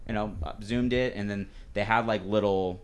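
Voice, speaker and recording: A man's voice: on the low side, steady tone, normal speed, clean tone. A man co-hosting a podcast in casual chat, rambling with lots of fillers. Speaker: podcast co-host. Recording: noisy recording.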